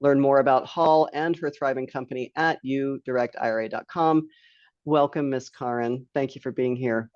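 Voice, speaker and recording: A woman's voice: extremely low pitch, steady tone, normal speed, darkish tone, dry recording. Webinar host, woman, chatty and loose with laughing asides; dry, muffled video-call sound. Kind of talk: casual live webinar hosting. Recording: dull lo-fi dry online stream.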